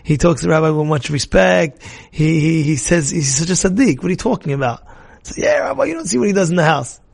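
A rabbi teaching a Torah lesson with a high, gravelly voice. He talks in an animated way, full of restarts, and breaks into loud scolding voices to act out everyday scenes. The delivery is warm in intent but excitable. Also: quick pace.

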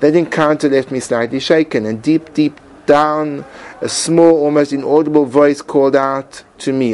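A man and Torah teacher reading his own personal essay aloud in an earnest, emotive way with dramatic pauses. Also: fairly high pitch, steady tone, a little mellow, poor audio.

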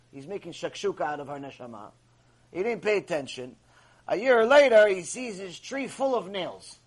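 High husky man teaching Torah. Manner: animated, acts out the people in his stories. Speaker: rabbi teaching a class. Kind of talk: Torah lecture with storytelling.

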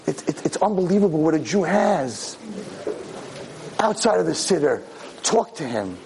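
A man lecturing as a rabbi in a Torah class, moving from quiet talk to loud, impassioned preaching before an audience. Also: fairly high pitch, very animated, moderate pace, creaky, long pauses, low-quality recording.

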